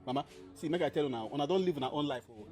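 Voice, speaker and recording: A man's voice: a little high, racing, a little mellow, natural voice. A man playing a stubborn jobless son who pleads and refuses to leave home. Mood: pleading. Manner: pleading, stubborn, Pidgin-laced. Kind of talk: Nollywood comedy skit acting. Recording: music in the background.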